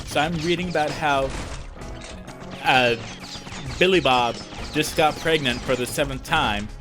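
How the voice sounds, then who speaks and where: A young man playing a game and chatting in a rambling, animated way, full of fillers. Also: fairly high pitch, a little slow. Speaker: let's player. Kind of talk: casual chat over gameplay. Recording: voice over game music. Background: game music.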